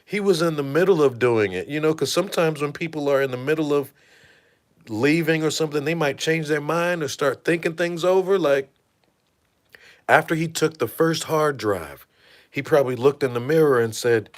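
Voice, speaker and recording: A man hosting a casual livestream, retelling events in an animated, profane storytelling manner and thanking viewers. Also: fairly high pitch, normal speed. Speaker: host.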